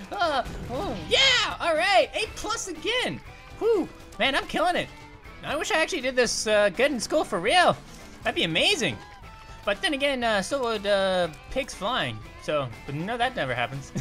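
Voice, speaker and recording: A performer gives a full character voice, pitched high, to a cheerful young male cartoon grape doing let's play commentary. He jokes and cries out at near misses as he plays a video game, sounding excitable over faint music.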